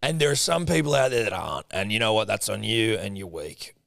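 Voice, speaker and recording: A young man spins a rambling story in a loose, swear-heavy podcast chat. His mid-range voice carries a gravelly edge. The sound is dry and close to the mic. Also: on the low side, a little fast, no room sound. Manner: laid-back, swearing, animated retelling. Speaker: podcast co-host.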